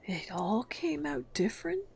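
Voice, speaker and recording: A woman voicing a gloomy, fussy mock turtle creature, speaking slowly and thoughtfully in a hushed, drawn-out way. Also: high-pitched, sing-song, gravelly, slightly rough, pitched above the performer's own voice, full character voice. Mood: puzzled.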